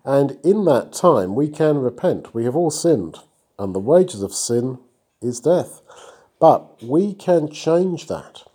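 A man's voice: mid-range voice, very animated, takes it slowly, dark tone, slightly rough. A man reading and explaining a Bible passage in an easy, conversational way, stopping to praise a listener. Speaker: Bible teacher. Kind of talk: informal Bible reading and teaching.

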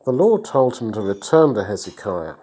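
Guy doing a relaxed bible lesson, mellow tone, chatty, retells the story in his own words. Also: fairly low pitch, moderate pace. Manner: retells and comments conversationally, praises a listener. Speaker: Bible teacher. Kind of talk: informal Bible reading and teaching.

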